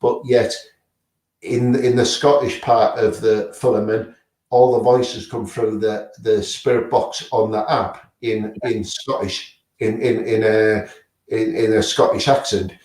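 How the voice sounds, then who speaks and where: Halting man, roomy distant sound. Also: fairly low pitch, fairly even intonation, a little mellow. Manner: halting, many fillers and restarts. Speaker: guest paranormal investigator. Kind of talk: casual interview answers. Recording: roomy sound, away from the mic.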